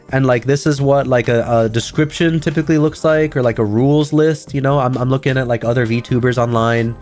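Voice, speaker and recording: A man's voice: mid-range voice, fairly even intonation, brisk, few pauses, a little mellow, faint music behind. A man streaming as a VTuber, chatting casually in a rambling way full of fillers and restarts. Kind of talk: casual livestream chat.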